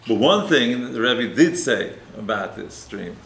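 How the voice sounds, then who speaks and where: A man's voice: medium pitch, lively intonation, a little slow, creaky, a bit bright. A man, a rabbi, preaching and telling a story in a conversational way, often ending points with a tag question. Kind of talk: sermon with storytelling. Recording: roomy echo, faint noise.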